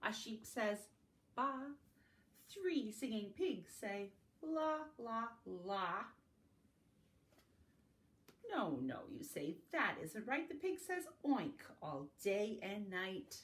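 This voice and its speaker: A woman reading farm-animal picture books aloud to young children in a slow, sing-song storytime manner, adding animal sounds along the way. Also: mid-range voice, very animated. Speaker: family literacy facilitator. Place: home, recorded for an online circle.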